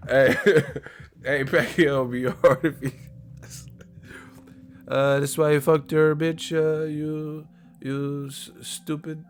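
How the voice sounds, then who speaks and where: A man hosting a casual live stream, loud and profane, laughing and joking with his viewers. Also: fairly high pitch, little pitch movement, extremely slow, long pauses, a little hiss or hum.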